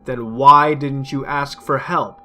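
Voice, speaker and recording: A man voicing a furious, abusive middle-aged mother who shouts and scolds harshly. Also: fairly high pitch, expressive, quick pace, faint music behind, pitched above the performer's own voice. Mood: furious scolding.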